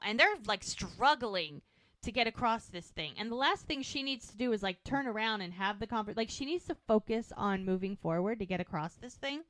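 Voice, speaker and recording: A woman's voice: medium pitch, no room sound. A woman co-hosting a podcast, casually recapping an episode and acting out the characters' lines. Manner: animated retelling, acting out lines in quick quotes. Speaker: podcast co-host.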